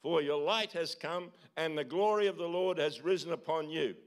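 A man with a fairly high-pitched voice preaches a sermon in church, pressing his listeners with repeated calls and rapid tag questions.

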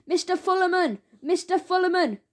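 A woman voicing an excitable tattletale schoolboy who shouts and whines. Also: high-pitched, slow. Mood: shouting. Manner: shouty and whiny.

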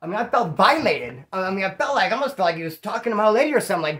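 A man from California telling his own prison stories in a casual, profane, animated way and acting out what people said. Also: high-pitched, quick pace, hardly any pauses. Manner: profane, animated, acts out quoted dialogue. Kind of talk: casual storytelling.

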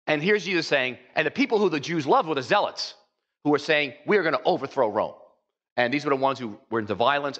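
A man's voice: on the high side, a bit bright. Male pastor giving an off-the-cuff sermon with acted-out asides; muffled recording in a reverberant hall. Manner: conversational, full of "you know" asides, acts out quoted voices. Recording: dull, echoey hall recording.

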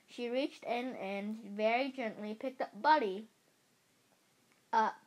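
A woman reading a children's book aloud in a halting way, often correcting herself. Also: on the high side. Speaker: storybook reader.

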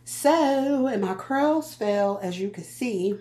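A woman, chatting in a casual vlog with animated, profane storytelling. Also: a little high, slow, hardly any pauses, a little hiss or hum. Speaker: vlogger. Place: walking around.

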